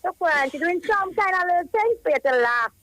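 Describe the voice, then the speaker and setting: Calling a live radio program by telephone, a Trinidadian woman in her thirties talks at length about the death of a child cousin, her story grieving, rambling and emotional. Her very high voice is quick, sharp and lively in intonation, and the recording is rough.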